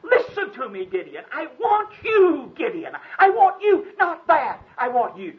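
A sorrowful angel of the Lord pleads in a high, swooping voice that breaks with grief, as a preacher acts him out. He begs and repeats himself tenderly. The recording is dull and lo-fi. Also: huge pitch swings, unhurried, full character voice. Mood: pleading.

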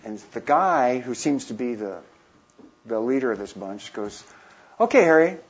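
A man in his fifties with a husky voice tells a long personal story with lively energy. He slips into the voices of the people he quotes. The recording is dull and lo-fi. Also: medium pitch, measured pace. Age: 50s. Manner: animated anecdote-telling, acting out quoted voices. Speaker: missionary. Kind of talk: storytelling talk.

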